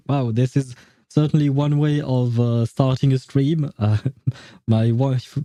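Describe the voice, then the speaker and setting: A man greets his viewers in a casual live-stream chat, rambling and hesitant, with fillers and frequent chuckles. His voice is very dark and mellow at a middling pitch. It sounds dry and close on a desk mic. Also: steady tone, slow, no echo. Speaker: game streamer.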